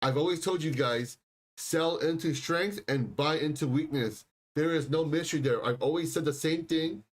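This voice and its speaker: A man hosting a live stock and crypto stream, talking insistently and repeating himself, often clearing his throat. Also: fairly high pitch, normal speed. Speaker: livestream stock and crypto host. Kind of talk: live market commentary.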